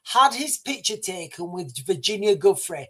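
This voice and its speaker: Excitable man, lively swinging pitch. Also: a little slow. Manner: excitable, swears freely, stammers and restarts. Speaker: livestream host. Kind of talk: live commentary reading breaking news.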